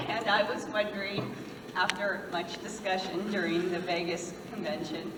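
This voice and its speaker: A woman's voice: mid-range voice, fairly even intonation, moderate pace. A woman fan politely asking a question at a convention, a little nervous. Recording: echoey hall recorded from far off, noisy.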